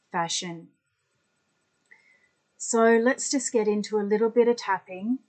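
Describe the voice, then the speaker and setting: Woman, energy healer, guided tapping session, very slow, gentle and soothing, middle-aged. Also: medium pitch, poor audio. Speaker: energy healing practitioner leading tapping.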